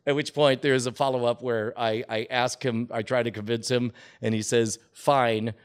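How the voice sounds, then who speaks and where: A man's voice: mid-range voice, moderate pace, clear, resonant tone. A man co-hosting a casual tech podcast, talking animatedly and laughing as he recounts a game. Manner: animated, laughing, reads game text aloud with rising excitement. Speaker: podcast co-host.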